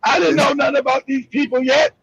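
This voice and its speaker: A male host who talks loudly with profanity and often shouts through animated retellings. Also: very high voice, quick pace, no room sound, highs cut off. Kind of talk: heated live broadcast talk.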